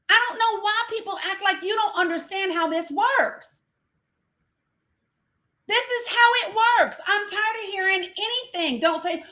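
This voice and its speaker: A woman's voice: high voice, sharp tone. Impassioned woman livestream host. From United States. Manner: impassioned and profane, rising into outrage. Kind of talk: livestream panel talk.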